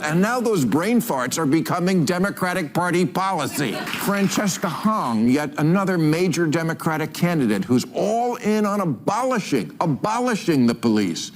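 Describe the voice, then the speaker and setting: A man with a lively, bouncing delivery runs through a scripted satirical monologue, sneering at each point before dropping a punchline. His voice sits a touch high, with a faint hum of ambience behind it. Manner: sarcastic, mocking punchlines. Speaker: political comedy talk host.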